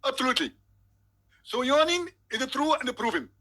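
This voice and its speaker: A man's voice: extremely high pitch, very animated, a little fast, sharp tone, voice pushed up, heavily acted. A man voicing a smug, insistent male preacher on a call, talking emphatically and pompously. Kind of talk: comedic impression.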